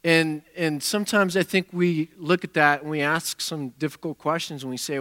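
Male pastor, fairly high bright voice, relaxed conversational sermon, lots of restarts. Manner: conversational, halting with many restarts and fillers.

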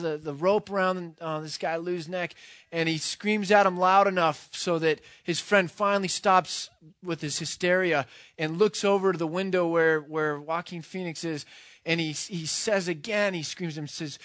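A man preaching a sermon, earnest, moving from quiet, hushed passages to loud, impassioned ones. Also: fairly high pitch, fairly even intonation, moderate pace, no room sound, studio quality. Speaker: pastor.

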